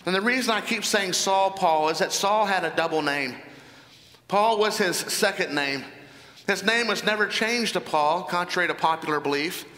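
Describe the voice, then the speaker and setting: Male pastor, earnest sermon delivery with rhetorical questions; sharp, bright tone in a reverberant hall. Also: sits high, normal speed.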